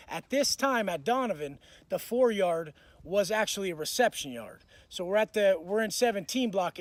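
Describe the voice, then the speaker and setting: Tough-talking man, high voice, dry close sound, swears constantly, raw storyteller. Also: dry recording. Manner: blunt, profane, tough-talking. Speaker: motivational speaker. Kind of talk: profane storytelling monologue.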